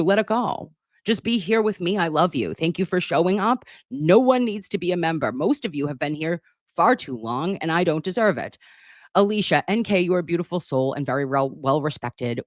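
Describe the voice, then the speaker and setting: A woman's voice: low-pitched, no echo, clean studio sound. Brash, profane woman hosting a live chat. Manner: brash, profane, emphatic, affectionate with viewers. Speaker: livestream host reading chat. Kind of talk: casual livestream chat. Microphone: computer mic on a live stream.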